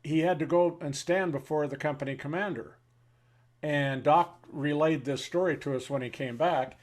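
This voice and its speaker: Older man telling war stories. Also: fairly high pitch. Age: 70s. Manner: halting, pauses with fillers, then blunt and wry. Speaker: veteran interviewee. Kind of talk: reflective war storytelling.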